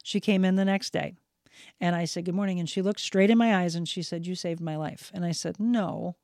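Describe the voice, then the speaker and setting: A woman's voice: lowish voice, fairly even intonation, brisk, darkish tone, no room sound, clean studio sound. A woman guest on a podcast, telling a heartfelt personal story in casual chat, earnest and sincere.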